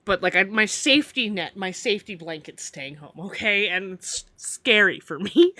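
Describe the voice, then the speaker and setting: A woman's voice: medium pitch, animated, normal speed, sharp tone, dry recording. A woman co-hosting a paranormal podcast in casual chat, laughing through her words as she talks. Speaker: podcast co-host.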